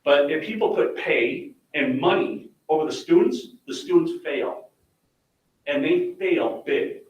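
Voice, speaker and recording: A man's voice: fairly high pitch, animated, a little slow, lo-fi sound. A middle-aged father speaking during public comment at a school board meeting, plainspoken and pleading, frustrated. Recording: echoey room mic from far off.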